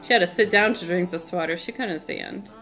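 A woman's voice: lowish voice, brisk, fairly bright tone, soft background music. A woman streaming a game in casual, chatty commentary, laughing often and talking to her chat.

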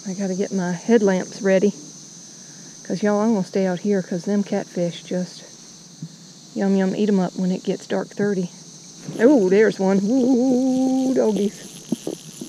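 A chatty woman narrates while fishing from a kayak outdoors. She talks to the fish and her viewers with folksy phrases. Wind and water noise sit clearly behind her voice. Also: mid-range voice, warm tone, rough recording. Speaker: fishing vlogger.

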